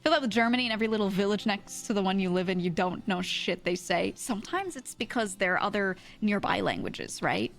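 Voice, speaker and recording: A woman's voice: medium pitch, animated, fairly quick, vocal fry, hardly any pauses. A woman from New York chatting casually with her viewers, rambling, swearing and laughing often. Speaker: streamer.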